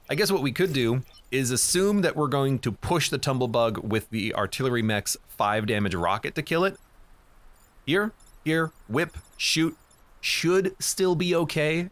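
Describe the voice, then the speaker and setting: A man's voice: medium pitch, a bit bright. A man streaming a strategy game, thinking aloud as he plans each move and often correcting himself. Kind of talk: live game commentary.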